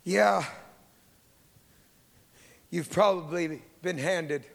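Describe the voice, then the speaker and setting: A man preaching a sermon in a church. He tells a story softly, drops to near whispers, then rises to shouting praise and speaks in tongues. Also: high-pitched, drawn-out words, gravelly, in a large hall.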